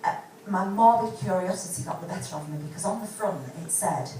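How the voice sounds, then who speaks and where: A woman's voice: mid-range voice, brisk, dark tone. A woman, doing a chatty, self-deprecating stand-up set at a pub gig and swearing freely. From England. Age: 40s. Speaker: stand-up comedian. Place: pub comedy gig with live audience. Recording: roomy distant live recording with background noise.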